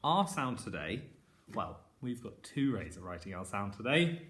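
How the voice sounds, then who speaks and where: A man teaching a phonics lesson to primary school children, sounding out each word slowly and clearly and praising often. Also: on the low side, very animated, a bit bright, a little hiss or hum. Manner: encouraging, with frequent praise. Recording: echoey room.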